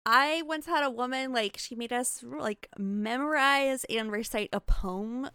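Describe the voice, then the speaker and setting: A woman playing in a tabletop podcast, telling stories excitedly in casual chat. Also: on the high side, measured pace, clean tone, no room sound, clean studio sound. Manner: excitable storyteller, many "like" fillers. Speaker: podcast player.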